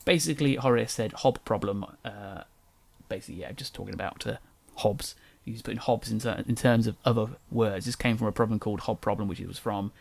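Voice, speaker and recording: A man's voice: medium pitch, vocal fry. A young man with a casual English accent that drops its T's, hosting a solo podcast in a rambling, chatty way that keeps correcting itself. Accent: English, dropped T's. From England. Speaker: podcast host.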